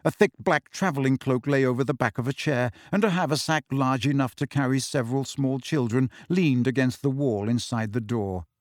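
A man narrating an audiobook in an expressive storytelling voice. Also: medium pitch, normal speed, hardly any pauses, no room sound, studio quality.

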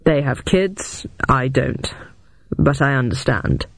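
A narrator voicing a calm, guarded middle-aged male agent who speaks slowly and quietly. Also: medium pitch, creaky, no room sound, full character voice. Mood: candid. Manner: slow, hushed, measured.

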